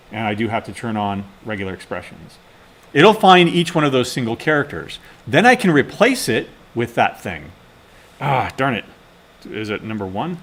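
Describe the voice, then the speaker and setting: A man teaching a class, talking through live coding and muttering to himself as he types. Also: medium pitch. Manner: casual, mutters to himself while typing. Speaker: instructor.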